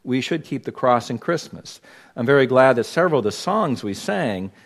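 A man's voice: mid-range voice, very animated, moderate pace. A man from Los Angeles preaching a sermon to his congregation, pointed and emphatic, leaning hard on key words. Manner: emphatic, pointed preaching with sudden loud stresses. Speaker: pastor.

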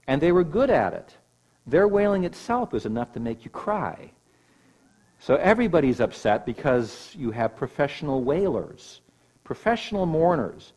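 A man's voice: medium pitch, a little mellow, breathy edge, rough recording. A man preaching a sermon, explaining scripture with emphatic stresses. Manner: emphatic teaching with rising and falling emphasis. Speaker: pastor.

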